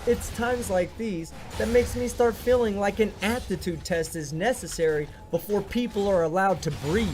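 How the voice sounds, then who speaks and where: A man's voice: high voice, normal speed, hardly any pauses, darkish tone, faint music behind. A man hosting a reaction video, delivering sarcastic commentary full of blunt, profane insults. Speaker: video host reacting to clips.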